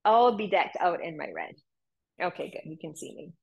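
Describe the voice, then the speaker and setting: Breathy, chatty woman yoga teacher. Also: lowish voice, lively intonation, normal speed, poor audio. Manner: chatty, laughs often, acts out characters in the story. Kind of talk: casual storytelling and yoga instruction.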